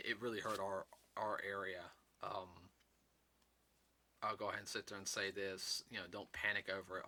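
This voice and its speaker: A man hosting a casual talk show, speaking in an earnest, rambling way with halting restarts. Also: low voice, pushed and bright. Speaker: host. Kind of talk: casual chat.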